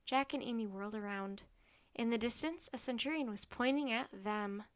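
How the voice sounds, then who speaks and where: A woman reading a children's chapter book aloud in a steady, clear narration. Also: a little high, normal speed. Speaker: storybook narrator.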